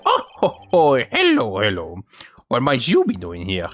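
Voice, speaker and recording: A man's voice: medium pitch, huge pitch swings, unhurried, fairly bright tone, soft background music, exaggerated voice. A man voicing a pompous, chuckling old lawyer in a game.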